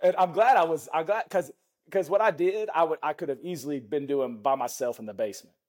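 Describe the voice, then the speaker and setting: A middle-aged man, a former pro football lineman, guesting on a podcast and telling rambling, animated anecdotes with acted-out dialogue. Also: fairly high pitch, a little fast. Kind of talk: casual storytelling chat.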